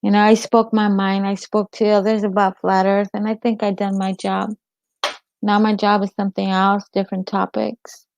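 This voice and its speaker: A woman's voice: medium pitch, little pitch movement, normal speed, vocal fry, a little mellow. A woman hosting a casual livestream chat, rambling and answering viewers' comments by name. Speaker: livestream host. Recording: dull lo-fi stream audio.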